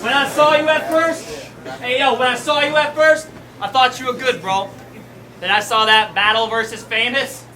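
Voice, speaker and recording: Mocking battle rapper from Canada, man, high voice, echoey hall, noisy crowd. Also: steady tone, moderate pace. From Chilliwack, Canada. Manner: brash, mocking, shouted bars. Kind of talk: rap battle verse. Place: live battle venue in front of a crowd. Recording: roomy venue, distant mic, crowd and noise.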